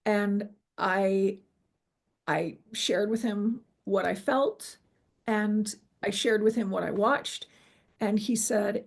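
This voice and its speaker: Husky, earnest woman telling her story. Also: medium pitch. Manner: earnest, halting, with many restarts and quoted inner voice. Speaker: guest sharing her near-death experience. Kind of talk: emotional personal storytelling.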